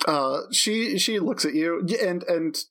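A man running a tabletop game as game master, narrating with many pauses and fillers. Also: on the high side, fairly bright tone. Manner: hesitant, filler-heavy narration.

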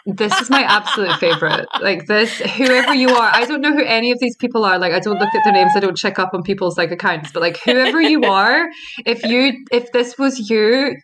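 A woman's voice: fairly high pitch, fairly quick, fairly bright tone, slight background noise. A Scottish woman co-hosting a casual chat, blunt and self-mocking, laughing often. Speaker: podcast co-host.

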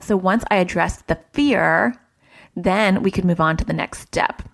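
A woman in her thirties, a child therapist, giving parenting advice in a chatty, animated way. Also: fairly low pitch, a little slow, vocal fry. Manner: chatty, animated when quoting family. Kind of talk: casual advice talk.

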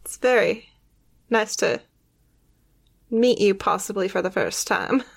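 A woman's voice: medium pitch, slow, creaky. A woman voicing a dazed young woman who rambles in a flustered way. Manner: flustered and rambling, laughs often.

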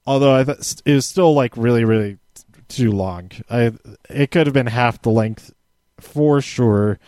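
A man's voice: medium pitch, unhurried, darkish tone, no room sound. A man casually reviewing a wrestling episode from handwritten notes, rambling with many fillers and restarts.

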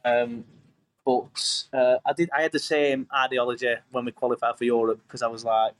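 A man, a podcast guest telling rambling, animated stories in casual chat. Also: medium pitch, normal speed. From England. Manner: animated, rambling, self-interrupting.

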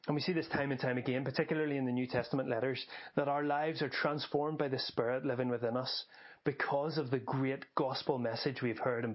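Earnest male preacher, measured and emphatic. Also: mid-range voice, muffled recording. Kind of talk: sermon podcast.

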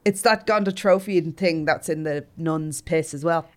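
A woman co-hosting a podcast, chiming in with quick, dry asides. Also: low-pitched. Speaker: podcast co-host. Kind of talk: casual chat.

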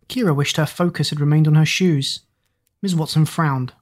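A reader narrating a children's story in an even, measured way. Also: medium pitch.

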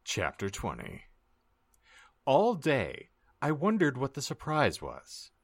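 A man hosting a comedy podcast, reading a story aloud in a mock-dramatic way and pausing to joke with his co-hosts. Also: medium pitch, breathy edge, dry recording, studio quality. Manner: lively, mock-dramatic narration. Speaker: podcast host.

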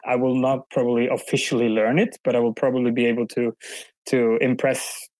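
Halting man with dry sound. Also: mid-range voice, level tone, darkish tone, no echo, poor audio. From Sweden. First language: Swedish. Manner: halting, thoughtful, frequent restarts. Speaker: guest. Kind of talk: casual interview.

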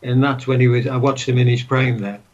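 Medium-pitched and fairly quick, this older ex-footballer speaks with fairly even intonation through dull audio. As an interview guest, he wanders back over old stories in a casual way, restarting repeatedly and saying "what have you."

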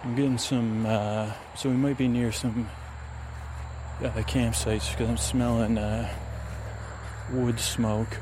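A man's voice: mid-range voice, level tone, slow. A man narrating casually while walking a wooded trail near a road, musing and rambling into a handheld recorder. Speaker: vlogger. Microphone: handheld recorder with fuzzy windscreen. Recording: faint outdoor traffic ambience.

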